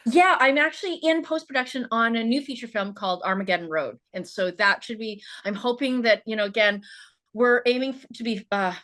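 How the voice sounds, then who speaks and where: A woman filmmaker chats in an interview, her voice sitting fairly high. She rambles and restarts her sentences a lot, growing lively and animated. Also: fairly quick. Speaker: filmmaker guest. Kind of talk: casual interview chat.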